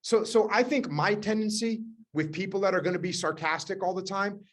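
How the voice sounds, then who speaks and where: A man's voice: sits high, a little fast. A man hosting a live leadership coaching session, telling stories in a direct, emphatic way and repeating key words.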